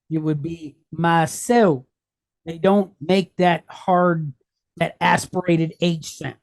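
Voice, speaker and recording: Walking through a worksheet, a woman patiently explains each mark in a Hebrew reading lesson, checking in with "okay?" and "right?" Her voice is fairly low in pitch with a darkish tone.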